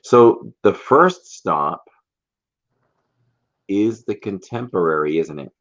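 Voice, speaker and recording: A man's voice: low-pitched, animated, slow pace, a bit bright. A man co-hosting a casual livestream, telling teasing stories and laughing often. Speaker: livestream co-host. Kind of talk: casual chat. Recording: dull lo-fi stream audio.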